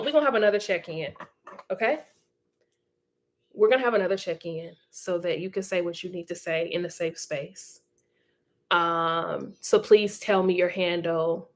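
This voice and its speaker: A woman hosting a casual livestream, reading viewer comments in a chatty, encouraging way and laughing often. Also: mid-range voice. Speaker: livestream host.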